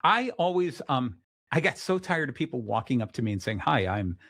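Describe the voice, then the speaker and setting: A middle-aged man hosting a casual interview show, energetic and full of restarts, acting out the people he quotes. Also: medium pitch, a little fast, dry recording, clean studio sound. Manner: restarts often. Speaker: podcast host.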